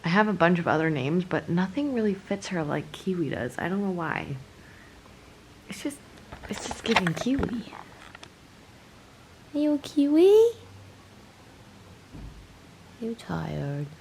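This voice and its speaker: Young woman, lowish voice, casual home vlogger, chatty, faint room hum. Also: expressive, normal speed, poor audio. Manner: chatty, switches to high baby talk with the kitten. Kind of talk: casual vlog chat. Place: home bedroom, indoors.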